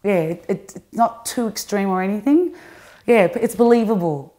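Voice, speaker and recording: Woman, interview guest, animated, mid pitch. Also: normal speed. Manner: animated, restarts, laughs often. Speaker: actress and comedian, guest. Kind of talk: casual interview chat.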